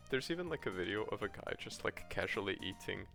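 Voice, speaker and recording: A man's voice: lowish voice, lively intonation, fast talker, gravelly, fairly bright tone. A man streaming a cozy farming game at home, chatting with his viewers in a rambling, laugh-filled way with lots of restarts. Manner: chatty, reacts to chat, laughs often, frequent restarts. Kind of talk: casual chat while streaming a farming game. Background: faint game music.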